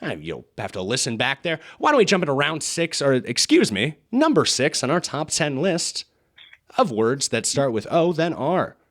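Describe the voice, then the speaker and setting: A man hosting a comedy podcast, with a deadpan, mock-formal game-show delivery. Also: on the high side, moderate pace. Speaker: podcast host.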